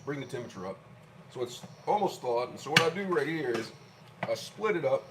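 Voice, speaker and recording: A man in a home kitchen talks his viewers through a meal, narrating each step in a loose, chatty way as he chops and stirs. His voice sits in a middling register, and loud clatter of pots, dishes and cutlery runs under everything he says. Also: mid-range voice, animated, fairly quick, background noise. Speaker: home cooking vlogger. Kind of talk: casual cooking demonstration.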